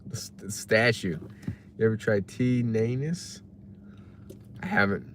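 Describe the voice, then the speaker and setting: A man's voice: lowish voice, expressive, unhurried, a little hiss or hum. A man casually chatting on a livestream, musing and reading chat messages aloud from his parked car. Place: parked car while waiting for delivery orders.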